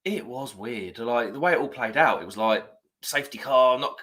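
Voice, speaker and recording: A man's voice: mid-range voice, expressive, moderate pace, pushed and bright. A man hosting a live stream, chatting casually and rambling as he reads out viewer comments. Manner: chatty, rambling, self-correcting.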